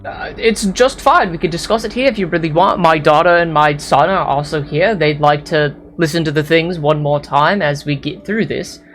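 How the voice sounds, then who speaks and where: A woman's voice: low voice, normal speed, hardly any pauses, fairly bright tone, soft background music. A woman voicing a welcoming middle-aged king in a tabletop game, trying a British accent that keeps drifting. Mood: obliging.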